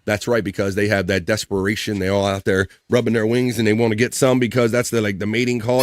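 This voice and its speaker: This live-stream host speaks low and fast with little pitch movement and hardly any pauses. Casual and playful, he reads viewer comments, jokes with the chat and calls people out by name.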